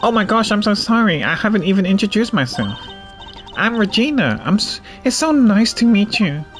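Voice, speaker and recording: A man's voice: sits high, big pitch swings, normal speed, fairly bright tone, soft background music. A man voicing a bubbly, cutesy young woman animal tamer in a nasal, sing-song voice for game dialogue.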